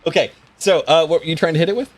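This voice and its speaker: A man's voice: a little high, racing, no room sound. A man narrating as game master in a casual, swearing way with lots of "uh" fillers.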